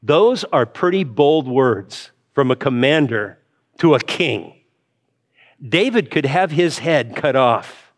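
A man's voice: mid-range voice, lively intonation, slow pace. A man preaching a Bible sermon in an earnest way, repeating and restarting phrases and lifting his voice for emphasis.

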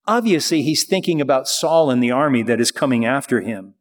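A man preaching a sermon in a conversational way, slowing down to read scripture aloud. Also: medium pitch, animated. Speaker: pastor.

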